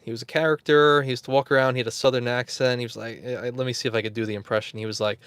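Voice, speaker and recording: A man's voice: mid-range voice, steady tone, rapid-fire, few pauses, fairly bright tone, clear, resonant tone, dry recording. A man hosting a casual livestream, rambling, chuckling and answering viewers in the chat. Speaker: YouTube host.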